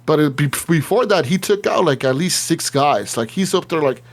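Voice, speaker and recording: A man's voice: fairly high pitch, lively intonation, normal speed. A man on a gaming podcast, casually retelling a video game story with lots of swearing and acting out the characters' lines. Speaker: podcast co-host.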